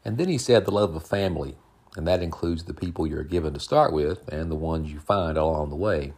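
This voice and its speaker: A man with a very deep, husky voice voicing a playful young woman on a first date, in a lightly raised, teasing tone. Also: a little fast, darkish tone. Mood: tender.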